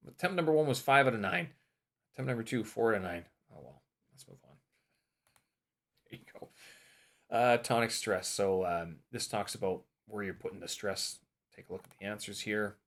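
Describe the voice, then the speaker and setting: Man, lowish voice, casual study vlog, reads notes aloud, self-mocking mutters. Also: normal speed, pauses often, a bit bright. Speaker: English teacher studying for a teaching diploma.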